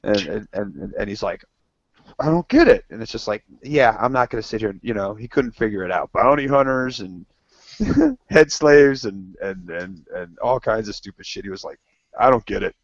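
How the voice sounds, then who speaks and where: A man's voice: fairly low pitch, expressive, normal speed, no echo. A man co-hosting a casual podcast with friends, rambling through stories, swearing freely and acting out what people said. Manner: rambling storyteller, swears freely, acts out quotes. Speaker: co-host. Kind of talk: casual banter among friends. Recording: dull lo-fi podcast audio.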